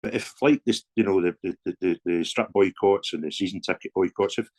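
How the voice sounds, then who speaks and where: Scottish male fan campaigner, chatty storyteller, animated delivery. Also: sits low, fairly quick. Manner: animated anecdotes with voiced dialogue and laughs. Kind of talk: casual storytelling interview.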